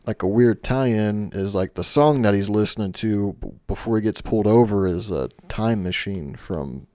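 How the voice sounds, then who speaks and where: A man with a lowish voice talks casually on a podcast, walking through movie scenes and dropping into quick quoted lines. The recording is close and dry, with no room sound. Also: a little mellow, no room sound. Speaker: podcast co-host.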